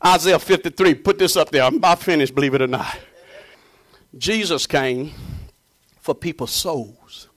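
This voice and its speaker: A man preaching a fervent sermon, swinging between booming shouts and low, hushed passages. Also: moderate pace, pauses often.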